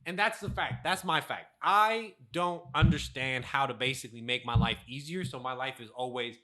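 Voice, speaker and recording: A man's voice: medium pitch, normal speed, pushed and bright. A young man chatting casually on a podcast, telling stories animatedly and laughing often. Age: young adult. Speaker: podcast co-host. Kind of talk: casual chat.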